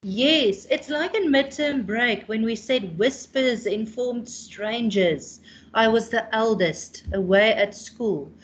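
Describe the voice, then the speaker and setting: A woman's voice: fairly high pitch, slow pace. A South African woman in her thirties teaching a revision lesson, explaining patiently and calling on students by name. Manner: explains patiently, calls on students by name, tags questions with "hey?".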